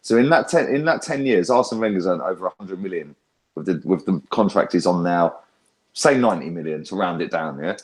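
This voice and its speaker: A young man, talking in a lowish voice. He hosts a fan chat and rants loudly with heavy swearing. His speech is animated, with frequent tag questions thrown in. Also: fairly quick. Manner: loud, sweary, animated ranting. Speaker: fan channel host. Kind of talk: heated casual fan chat.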